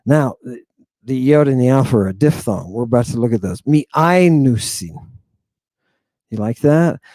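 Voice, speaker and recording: A man teaching an online lesson in an excitable, emphatic way, repeating phrases and swinging between loud outbursts and hushed asides. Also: medium pitch, brisk, dry recording, clean studio sound. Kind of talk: animated online lecture.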